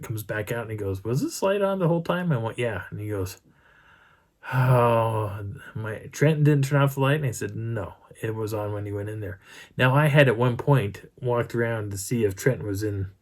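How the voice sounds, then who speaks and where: A middle-aged man tells his story in a casual, rambling first person, circling back and restarting as he goes. His voice sits a little low with a husky edge. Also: moderate pace. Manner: rambling, animated retelling with many restarts. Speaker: Bigfoot researcher telling a field story.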